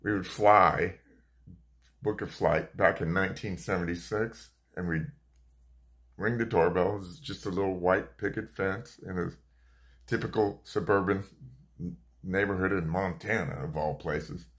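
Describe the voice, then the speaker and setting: Deep-voiced man telling a family story. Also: normal speed. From United States. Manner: conversational, animated, self-correcting. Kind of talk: personal storytelling.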